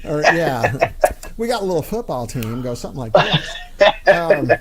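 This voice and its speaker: A man's voice: a little high, sing-song, a little slow, loud music behind the voice. A man hosting a livestream, chatting casually and joking, with lots of ums and uhs. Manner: rambling, joking, frequent fillers. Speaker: livestream host. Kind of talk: casual chat.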